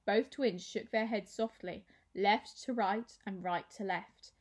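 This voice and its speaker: A woman teacher reading a children's novel aloud with expressive storytelling. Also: mid-range voice, slow, breathy edge.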